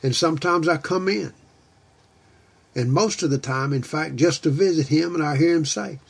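A man preaching a sermon, reading scripture slowly and deliberately. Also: fairly high pitch, gravelly, breathy edge.

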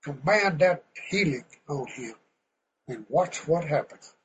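A man preaching a sermon in a folksy, fervent way, now and then getting loud. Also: fairly high pitch, lively intonation, slow pace, slight background noise, low-quality recording.

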